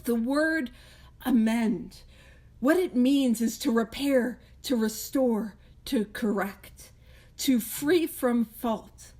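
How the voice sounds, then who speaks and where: High-voiced woman, joking. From Canada. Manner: joking, self-deprecating, conversational. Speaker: speaker at a recovery meeting. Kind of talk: recovery meeting talk.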